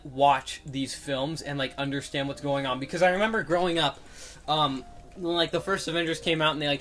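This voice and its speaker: A young man in casual chat as a podcast co-host, rambling and excitable with many fillers and restarts. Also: on the high side.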